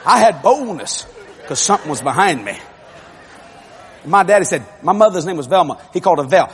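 A man preaching to a congregation, telling a childhood story with animated shouts and laughter. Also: sits high, a little fast, long pauses. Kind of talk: humorous sermon storytelling.

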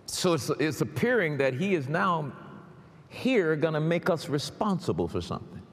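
A male preacher delivering a sermon, swinging from quiet explanation to fervent shouting. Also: a little high, animated, moderate pace. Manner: builds to fervent shouting, then drops to quiet asides. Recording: echoey hall with faint noise.

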